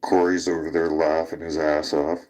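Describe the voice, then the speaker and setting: A man's voice: rumbling low, flat delivery, moderate pace, darkish tone. A man hosting a casual talk show, telling a rowdy story with laughter and swearing. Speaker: podcast host.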